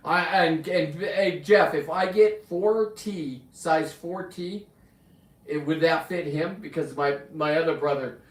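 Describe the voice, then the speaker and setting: A man's voice: a little high, slow pace. A man hosting a casual live stream, chatty and rambling, with restarts and friendly asides. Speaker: livestream host, spearfisher and taxidermist. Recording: roomy room, mic at a distance.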